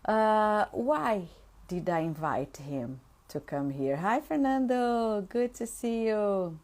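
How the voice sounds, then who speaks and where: A woman in her fifties with a Brazilian Portuguese accent, hosting a live stream in English as a teacher, unhurried and filling pauses with "uh" and "um". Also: medium pitch, expressive, darkish tone. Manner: slow, unhurried speech with trailing fillers.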